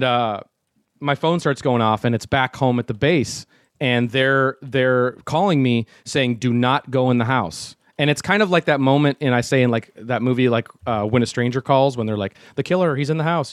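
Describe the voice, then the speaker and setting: A man hosting a casual chat, telling a story in an animated way, acting out quotes and swearing freely. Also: medium pitch, no echo, clean studio sound. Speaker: show host telling a story.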